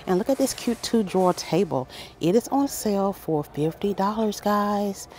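Excited woman reading out store prices. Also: medium pitch, normal speed, slight background noise. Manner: excited, reads prices aloud, addresses viewers as guys. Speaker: shopping vlogger. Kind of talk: casual store walkthrough. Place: large furniture store, indoors.

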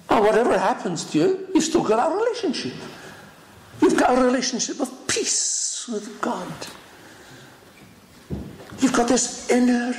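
A man preaching a sermon, swinging from high exclaiming cries down to hushed whispers. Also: echoey room, slight background noise, rough recording. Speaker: pastor. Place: church.

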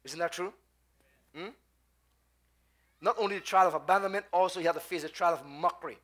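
A Trinidadian man preaching a sermon as pastor, calling out questions to the congregation and swinging between loud and hushed delivery. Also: sits high, a little fast. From Trinidad and Tobago.

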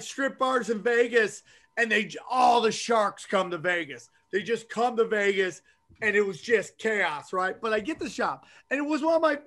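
A middle-aged man, a podcast host and comedian, telling rambling, profane stories in casual chat. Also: very high voice. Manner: profane, animated storytelling. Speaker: podcast host and stand-up comic.

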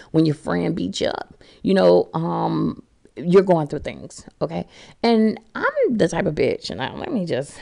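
A middle-aged woman chatting casually to her viewers in a blunt, profane, animated way. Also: on the low side, vocal fry. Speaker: vlogger.

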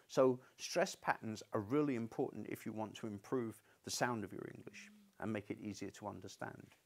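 A man giving a university lecture in a conversational, unscripted way, often restarting his sentences. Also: medium pitch. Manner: conversational, stubborn-toned, frequent restarts.

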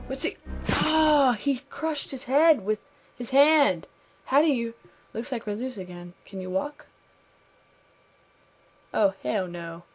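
A woman's voice: a little high, fairly bright tone. A woman playing a video game and reacting bluntly, with exclamations and swearing. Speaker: gamer. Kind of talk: let's play commentary.

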